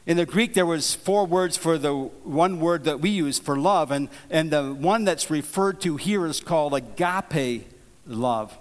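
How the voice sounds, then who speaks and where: A man preaching a sermon, telling a folksy story in a relaxed, conversational way, with frequent restarts and repeated words. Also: a little high, unhurried. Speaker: pastor. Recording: long hall reverb.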